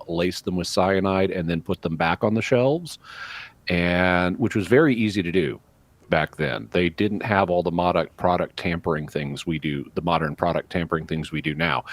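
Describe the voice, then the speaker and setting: A man on a call-in radio show, explaining things in a measured, lecturing way and careful about exact terms. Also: low voice, no echo. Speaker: apologist guest answering callers.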